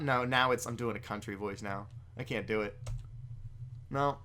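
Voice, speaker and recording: A man's voice: fairly low pitch, normal speed, pauses often, sharp tone. A man hosting a casual podcast chat, joking and laughing often while reading a comic aloud. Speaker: podcast host.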